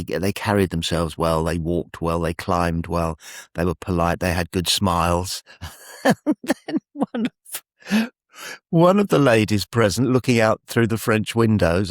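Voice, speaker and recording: A man's voice: deep voice, dry recording, clean studio sound. A man hosting, telling a rambling anecdote with wry humour and frequent chuckles. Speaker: radio host. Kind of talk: anecdotal monologue.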